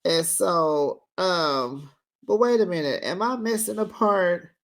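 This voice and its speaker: A host recapping a reality show in a casual, chatty way, with playful shade and lively asides. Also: mid-range voice, slow pace. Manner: animated, chatty, playfully shady.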